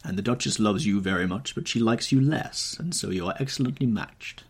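A man voicing a witty, cynical aristocratic gentleman who drawls amused epigrams, in an audiobook reading. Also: lowish voice, fairly quick, breathy edge, voice pushed up.

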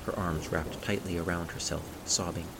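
A male narrator with a very low voice that has a gravelly, creaky edge. He reads the story in a steady, measured way. Loud rain and rolling thunder run under the whole read. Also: background noise. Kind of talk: scripted audiobook narration. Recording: rain and thunder sound effects.

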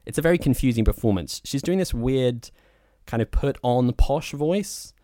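A man's voice: medium pitch, animated, normal speed, dark tone, dry recording, clean studio sound. A man co-hosting a podcast, giving a frank, opinionated film review in a loose, chatty way. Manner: opinionated, talks in loose spoken asides. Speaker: podcast co-host. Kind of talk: casual film review chat.

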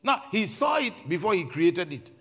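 A man's voice: sits high, big pitch swings, moderate pace, a bit bright, breathy edge. A male pastor preaching a sermon. He repeats phrases and builds emphasis as he preaches. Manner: preaching with repetition and rising emphasis.

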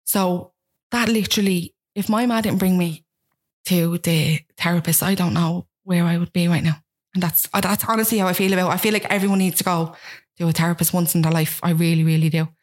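Her voice is fairly low and her tone steady. She's a young Dubliner guesting on a show, rattling through her personal story with frank self-mockery and acting out the quotes of people involved.

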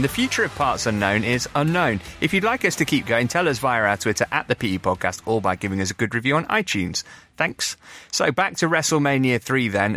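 Lively, bright-voiced male podcast host. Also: medium pitch. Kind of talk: casual wrestling review chat and host reads.

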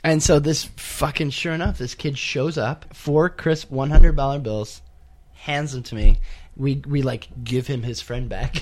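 A man telling a story at an open mic, animated and tumbling over his own words. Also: mid-range voice, slight background noise. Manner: animated, repeats words as he rushes on. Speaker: guest storyteller. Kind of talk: live storytelling.

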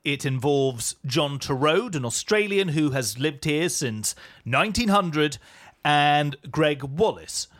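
A man hosts a casual podcast. He speaks in a dry, mock-formal way and is quick to put himself down. His pitch moves around a lot. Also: expressive, fairly bright tone. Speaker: podcast host. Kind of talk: casual chat.

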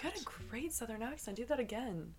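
A young woman from Tennessee, a podcast guest in casual chat, animated and laughing often, swearing casually and talking fast once she gets going. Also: fairly high pitch, crowd noise.

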